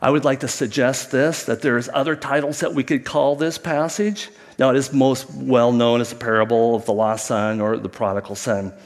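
A man's voice: medium pitch, steady tone, moderate pace, few pauses. Middle-aged guy preaching in a church, chatty storytelling with asides to the room, long echoey hall reverb. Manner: conversational storytelling with asides to the congregation. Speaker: pastor. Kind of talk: sermon.

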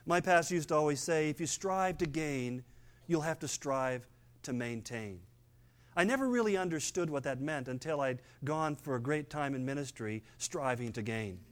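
An older man giving a sermon as pastor, conversational, with playful asides and passages where he drops low and quiet for emphasis.

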